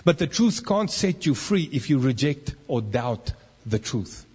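A man's voice: mid-range voice, measured pace, husky. A man preaching a sermon, acting out the inner voices of the people he talks about. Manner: animated, acts out inner voices. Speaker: pastor. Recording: long reverb of a church hall.

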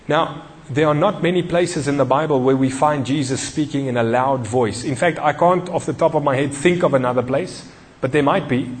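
Emphatic male preacher in an echoing hall. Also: a little high. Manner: emphatic, repeats key phrases, questions the congregation. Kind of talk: sermon.

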